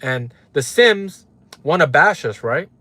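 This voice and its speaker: His voice is on the high side, bright and forceful, animated but unhurried, recorded without room sound. He's a man from Los Angeles streaming live, ranting heatedly and profanely at his chat, calling out viewers' names and punctuating points with "right?"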